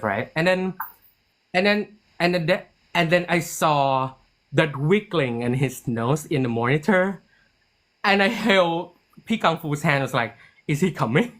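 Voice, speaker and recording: A man, a series writer and producer, tells a story in a relaxed interview. His pitch rises and falls widely as he acts out the dialogue he quotes. His speech is loose and chatty, full of restarts and "like".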